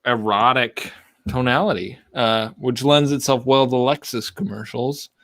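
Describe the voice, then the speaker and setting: Male live-stream host, rambling casual chatter, mid-pitched, dry close sound. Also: unhurried, no room sound. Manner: rambling, animated, lots of fillers. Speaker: podcast host.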